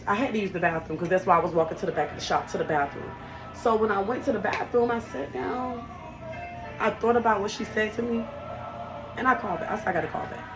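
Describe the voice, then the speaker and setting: A woman's voice: medium pitch, low-quality recording. A young woman who works as a hairstylist speaks in a raw, heartfelt way, her voice straining with grief. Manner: raw, heartfelt, breaking with emotion. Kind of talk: personal storytelling to camera.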